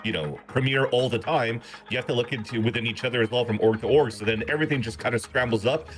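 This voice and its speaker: A man's voice: mid-range voice, fast talker. A man talking as an esports desk analyst, giving long joking, rambling explanations.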